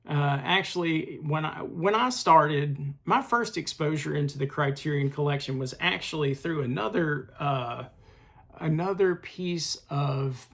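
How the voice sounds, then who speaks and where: A man hosting a casual video review of films, talking in a halting way with many filler pauses and a collector's enthusiasm. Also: a little high, gravelly. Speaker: film channel host.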